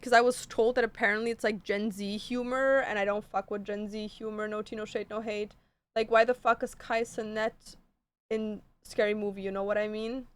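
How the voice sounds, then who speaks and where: Gushing bright-voiced woman streamer. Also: fairly high pitch, clear, resonant tone, dry recording. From Canada. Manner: chatty, gushing, swears freely, reads chat aloud. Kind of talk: casual stream chat.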